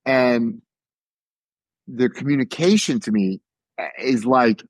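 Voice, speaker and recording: A man speaking as a guest in a casual panel discussion, halting and exasperated with many restarts. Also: medium pitch, no room sound.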